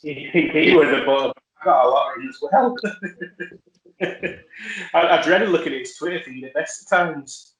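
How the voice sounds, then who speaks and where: A man telling wrestling stories in casual chat, halting with many fillers and restarts. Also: on the high side. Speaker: wrestler guest. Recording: roomy echo.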